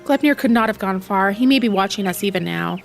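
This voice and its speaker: A woman's voice: mid-range voice, fast talker, gravelly, soft background music, natural voice. A woman reading as a solemn fantasy commander. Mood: grave. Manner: formal, grave read-aloud delivery.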